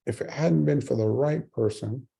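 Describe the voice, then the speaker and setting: A man's voice: medium pitch, normal speed, gravelly, warm tone, breathy edge. A man in his forties giving a speech, telling a personal story with earnest humor. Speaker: keynote speaker.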